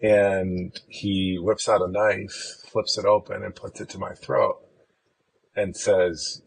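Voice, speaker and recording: Low gravelly guy from chicago rambling through a story on a podcast, faint hiss behind. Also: flat delivery, takes it slowly, low-quality recording. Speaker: podcast guest. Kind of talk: casual personal storytelling.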